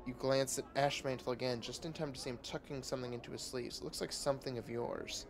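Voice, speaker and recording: Gravelly man reading game text. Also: medium pitch, fairly even intonation, quick pace, background noise. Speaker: streamer playing a game.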